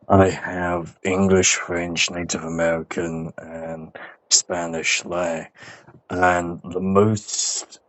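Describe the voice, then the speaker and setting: Deep-voiced man, slow casual chat. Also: low-quality recording. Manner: hesitant, restarts sentences, laughs often. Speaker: gamer on voice chat. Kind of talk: casual chat while gaming.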